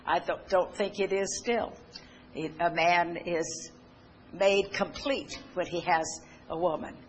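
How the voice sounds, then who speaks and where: A woman's voice: on the low side, fairly even intonation, takes it slowly, a little hiss or hum, low-quality recording. An older woman giving a sermon-style talk, telling homespun stories in a conversational way with restarts and asides. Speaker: speaker giving a testimony talk. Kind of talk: sermon-style personal storytelling.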